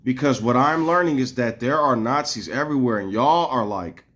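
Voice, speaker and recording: A man mid-rant, talking to his viewers in a heated, cursing flow. His voice sits at an ordinary middle pitch, and he rambles and trips over his own restarts as he pushes his point. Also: normal speed, fairly bright tone. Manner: angry, profane, heated. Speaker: vlogger. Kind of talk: casual ranting monologue to viewers.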